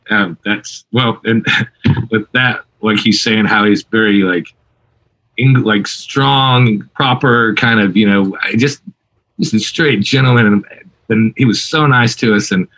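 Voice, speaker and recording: A man, a guest musician, telling an animated story in a casual interview, with many fillers and restarts. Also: lowish voice, a little slow, rough recording.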